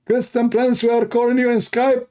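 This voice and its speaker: A man mimicking a shrill taunting challenger. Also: completely flat delivery, moderate pace, warm tone. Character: taunting male debate challenger, mocking and shrill.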